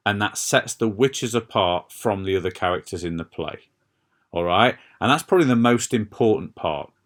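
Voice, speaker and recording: A man's voice: fairly low pitch, fairly bright tone. A man, explaining a lesson over notes and checking in with "all right" and "okay". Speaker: English teacher.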